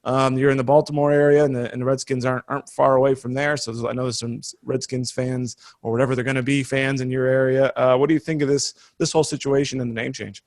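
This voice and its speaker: A man's voice: medium pitch, level tone, quick pace, few pauses. A man co-hosting a podcast, rambling and hesitant as he brings up the stories. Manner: rambling, hesitant, many restarts and laughs. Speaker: podcast co-host. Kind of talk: casual chat.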